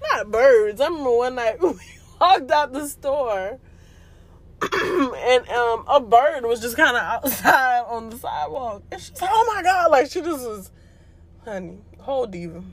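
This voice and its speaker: A woman's voice: on the high side, expressive, a little slow. Chatty, slangy young woman host. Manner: chatty, slangy, laughs often. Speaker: podcast host. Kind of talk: casual chat.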